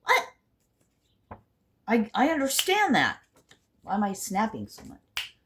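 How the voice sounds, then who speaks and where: A woman giving a casual spiritual card reading to her viewers. She rambles and swears freely, and swings between loud bursts and hushed asides. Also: medium pitch, wildly swooping pitch, moderate pace, a little hiss or hum. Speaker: intuitive card reader and healer.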